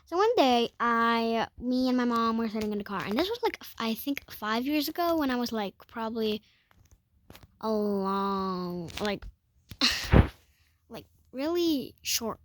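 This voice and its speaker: A woman's voice: fairly high pitch, animated, a little slow. Rambling storytime vlogger woman. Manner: rambling, self-correcting, many fillers. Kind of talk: storytime vlog.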